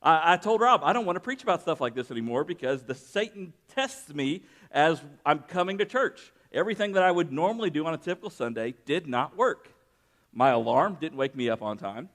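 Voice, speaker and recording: A man's voice: on the high side, expressive, a little fast, a bit bright. A man preaching a sermon, mixing scripture reading with personal stories and raising his voice for emphasis. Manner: conversational preaching with personal anecdotes, rising for emphasis. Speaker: pastor.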